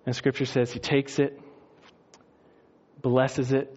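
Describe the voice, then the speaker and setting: A man preaching a sermon, telling a story with lively, animated delivery and acted-out voices. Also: medium pitch, slow pace, slightly rough, highs cut off. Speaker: pastor.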